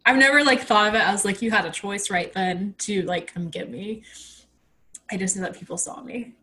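A woman's voice: mid-range voice, normal speed, sharp tone. A woman in casual chat as a podcast co-host, laughing often and using many fillers.

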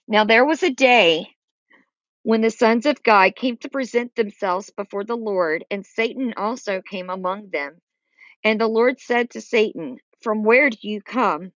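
A woman's voice: fairly high pitch, unhurried, no room sound. Woman teaching scripture, dull dry sound. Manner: reads scripture aloud then explains it plainly, with fillers. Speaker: Bible teacher. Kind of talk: Bible study teaching.

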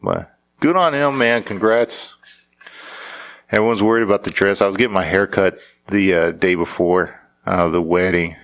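A man's voice: sits low, fairly even intonation, normal speed, a bit bright. A married man riffing in a casual, sarcastic, rambling monologue, often restarting his sentences. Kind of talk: casual comedic commentary.

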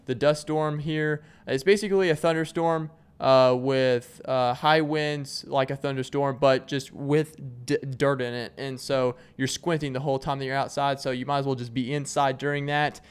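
Young man, podcast host, casual solo chat, rambling and joking, smooth resonant voice, mid-pitched. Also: steady tone, normal speed, few pauses. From Arkansas, US. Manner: rambling, joking, many fillers and restarts.

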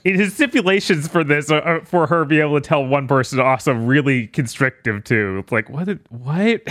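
A man co-hosting a podcast, making incredulous, halting remarks in casual chat. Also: fairly high pitch, animated, a bit bright, no echo, clean studio sound. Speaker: podcast co-host.

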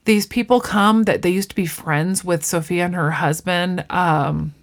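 A woman's voice: fairly low pitch, measured pace. A young woman in casual chat, telling stories with a sarcastic edge and frequent "like" fillers. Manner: animated storyteller, sarcastic, many "like" fillers.

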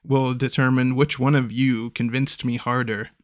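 A man hosting a casual comedy podcast, playful and quick to laugh. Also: mid-range voice, flat delivery, no room sound, clean studio sound. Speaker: podcast host running a game. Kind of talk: casual chat.

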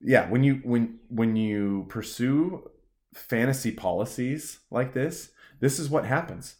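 A man's voice: mid-range voice, slow, a little mellow. A young man co-hosting a casual podcast chat, rambling and sarcastic, swearing freely. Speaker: podcast co-host.

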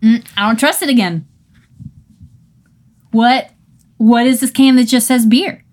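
A woman's voice: fairly high pitch, a little slow, darkish tone. A woman playing along in an improvised comedy scene, sarcastic, exasperated and profane. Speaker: improv player. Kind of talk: improvised comedic role-play.

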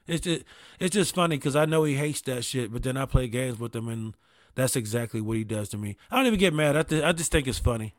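A man telling casual comedic stories about gaming with his kid, profane and animated, with quick asides. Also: mid-range voice, dry recording, studio quality.

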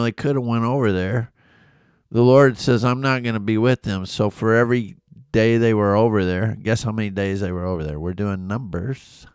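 A man, a pastor, retelling a Bible story in a casual, animated way and asking his listeners questions. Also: lowish voice, clean tone, dry recording, clean studio sound. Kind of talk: casual Bible study talk.

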